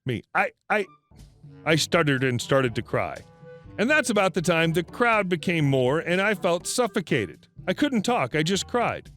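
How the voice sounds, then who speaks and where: A man's voice: a little high, very animated, moderate pace, a bit bright, soft background music. A man reading a first-person story aloud as a scripted narration.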